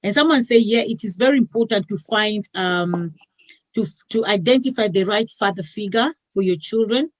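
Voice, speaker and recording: A woman hosting a talk show speaks at an ordinary middle pitch, earnest and persuasive. She often repeats a word or phrase as she builds toward her point. The recording is dry and close, with no room sound. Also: moderate pace, no room sound, rough recording.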